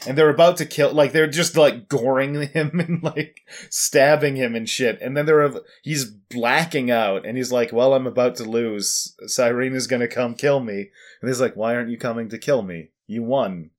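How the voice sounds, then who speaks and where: A man's voice: mid-range voice, fairly even intonation, normal speed, hardly any pauses. A young man casually recapping an anime episode on a podcast, rambling with fillers and laughs. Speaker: podcast co-host.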